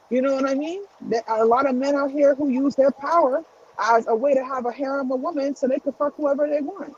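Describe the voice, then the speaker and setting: A woman's voice: medium pitch, a little mellow. A woman truck driver calling in from the road, tired from little sleep, giving blunt, long-winded opinions in casual chat. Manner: blunt, opinionated, talks in long run-on stretches. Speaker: caller. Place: in a truck, driving through mountains. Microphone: phone call from the road. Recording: muffled call line with faint hiss.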